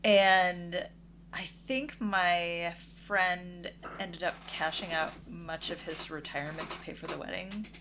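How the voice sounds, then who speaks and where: A woman's voice: lowish voice, takes it slowly, noisy background. A woman co-hosting a podcast, telling a story in a chatty, wry way with fillers. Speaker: podcast co-host. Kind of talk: casual storytelling.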